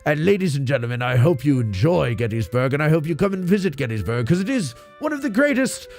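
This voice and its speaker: A wheezy old Santa Claus rambles on in a gravelly, lively voice that rides high and swoops around, as a man plays him. He sounds out of breath, with faint music behind him on this comedy radio broadcast. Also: fast. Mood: rambling. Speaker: host.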